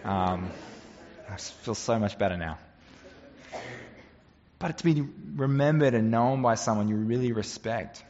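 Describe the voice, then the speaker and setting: A man's voice: lowish voice, a little slow, pauses often, a little mellow, big-room sound, muffled recording. A man preaching a sermon as a pastor, conversational and earnest, often asking the congregation rhetorical questions.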